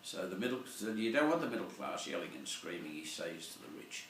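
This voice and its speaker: Recorded from a distance in an echoey room, an older Catholic priest gives a Sunday reflection that wanders and digresses as he frequently hunts for words. His deep voice is sing-song, brisk, and a bit bright, with slight background noise.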